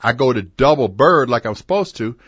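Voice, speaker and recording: A man who played college basketball, a guest on a radio show, telling stories from his playing days and getting animated in the telling. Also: medium pitch, fairly quick, breathy edge, dry recording, highs cut off. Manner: storytelling, animated when recounting plays. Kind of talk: anecdotal interview talk.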